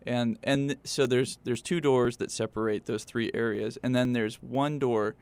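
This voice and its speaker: A man's voice: mid-range voice, steady tone, moderate pace, darkish tone, clean tone. A man who plays guitar in a band, joking dryly while being interviewed in a radio studio. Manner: dry, joking. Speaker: guitarist and backup singer. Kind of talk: casual interview chat.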